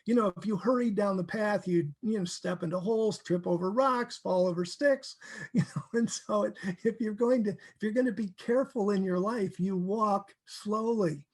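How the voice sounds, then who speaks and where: A man teaching from the Bible in a casual, animated way, acting out verses and laughing often. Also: sits high, normal speed.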